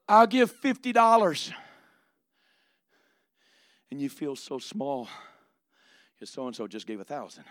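High-voiced fervent preacher. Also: male voice, dry recording, clean studio sound. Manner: builds from quiet asides to loud fervent preaching. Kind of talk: sermon.

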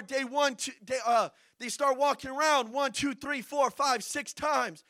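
A young man preaching a sermon, telling Bible stories with acted-out voices and building to shouts. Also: very high-pitched, moderate pace, hardly any pauses, no echo. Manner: storytelling, acting out Bible figures, builds to shouting.

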